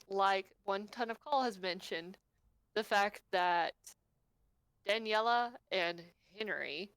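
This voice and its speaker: A woman co-hosting a casual podcast, retelling movie scenes with animated storytelling and casual swearing. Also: mid-range voice, clear, resonant tone, no room sound. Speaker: podcast co-host.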